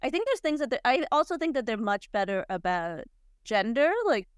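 A woman in her forties hosting a podcast, telling stories in a chatty, animated way with lots of fillers. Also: on the high side, fairly quick, clean tone, no echo, clean studio sound. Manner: chatty, animated storytelling with frequent "like" and laughs. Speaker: podcast host. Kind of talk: casual chat.

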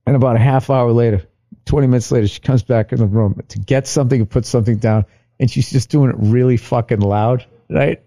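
On a podcast, a middle-aged male comedian spins a casual, profane story, animatedly playing both people in an argument. His voice sits at medium pitch and moves briskly.

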